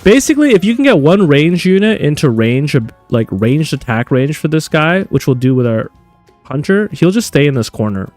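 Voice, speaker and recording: A man's voice: a little high, big pitch swings, normal speed, a little mellow, no echo, soft background music. A man live-streaming a game, talking chattily and answering viewers' questions as he plays. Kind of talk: live gameplay stream commentary.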